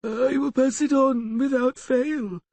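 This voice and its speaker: A man puts on a half-witted butler with a high squeaky voice, stumbling over "uh". Fawning and slow-witted. Husky grain, dry sound. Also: steady tone, darkish tone, no room sound, heavily acted. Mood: simpering. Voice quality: squeaky, hesitant with uh.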